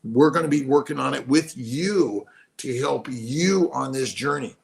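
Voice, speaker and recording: Hushed so as not to wake a sleeper, this host in his late sixties speaks in a medium-pitched, creaky voice at a slightly slow pace. His casual live stream is full of enthusiasm, repetition, and moments where he slips into preaching.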